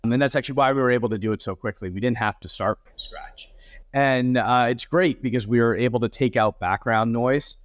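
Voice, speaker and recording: A man in a casual podcast chat, explaining things patiently in an easygoing voice of middling pitch. He laughs lightly now and then. The sound is dry and close. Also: fairly quick, dry recording. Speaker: company co-founder guest.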